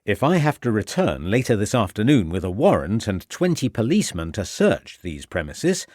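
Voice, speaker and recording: A man's voice: on the low side, big pitch swings, a little mellow, no room sound, clean studio sound. A man voicing a determined male police inspector who speaks firmly and assertively. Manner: firm, assertive, measured.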